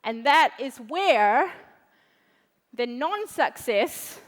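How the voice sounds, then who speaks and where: A woman's voice: high-pitched, expressive, drawn-out words. A woman giving a brash, swearing motivational talk on a big event stage. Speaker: motivational speaker. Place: large event hall stage. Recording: reverberant large hall.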